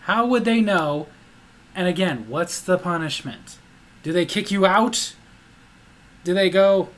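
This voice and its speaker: A high-pitched man delivering a comedic monologue to camera. He rants with open disbelief and sarcasm, firing off rhetorical questions. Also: a little slow, pauses often, fairly bright tone, faint music behind. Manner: incredulous, ranting, sarcastic. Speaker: vlog host.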